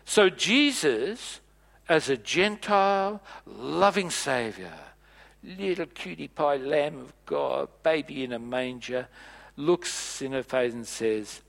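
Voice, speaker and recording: Animated male preacher. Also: on the high side, takes it slowly, creaky. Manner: animated, playful, acts out biblical dialogue. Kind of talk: sermon. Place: church.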